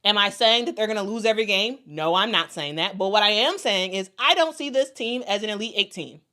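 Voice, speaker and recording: A woman's voice: medium pitch, expressive, a little fast, bright, forceful tone. A woman commentating on basketball in a casual way, reading out viewer comments and repeating her points for emphasis. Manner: emphatic, repeats herself for stress.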